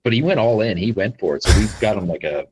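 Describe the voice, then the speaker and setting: A man's voice: on the low side, expressive, quick pace, a little mellow, slight background noise, rough recording. A young man from Newfoundland with a Newfoundland accent, a guest in a casual chat who rambles, filling his talk with "like" and "yeah.". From Newfoundland, Canada. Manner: rambling, heavy use of "like" and "yeah". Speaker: guest, content creator.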